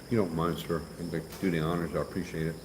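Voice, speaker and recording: A man's voice: low-pitched, flat delivery, rapid-fire. A man hosting a casual livestream, reading comments and joking around in a teasing, chatty way. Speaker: livestream host. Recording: echoey with faint background noise.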